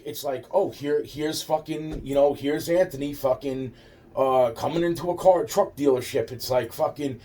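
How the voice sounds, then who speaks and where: A man's voice: mid-range voice, darkish tone. A man telling a rambling personal story, swearing constantly and restarting his sentences. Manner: profane, rambling, full of restarts. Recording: voice distant from the mic.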